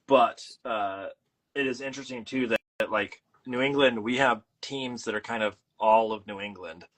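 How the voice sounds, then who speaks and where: A man's voice: medium pitch, normal speed, fairly bright tone, poor audio. A man who grew up in the Midwest, hosting a podcast and chatting animatedly, with lots of fillers. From Midwest, USA. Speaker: podcast host. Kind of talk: casual podcast conversation.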